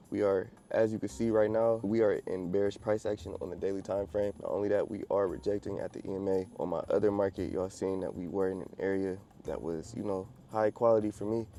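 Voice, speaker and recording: A young man in his twenties gives casual market updates in a slangy, easygoing vlog, calling the viewers bro. His voice sits low and sounds mellow and relaxed. Faint music plays underneath. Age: 20s. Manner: laid-back slang-heavy talk, calls viewers bro. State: a little out of breath. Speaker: day trader vlogger.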